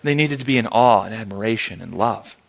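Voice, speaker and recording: A man's voice: fairly low pitch, fairly quick, gravelly. A man teaching an interactive Bible study, asking the class questions and answering them himself. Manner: animated, asks the class questions.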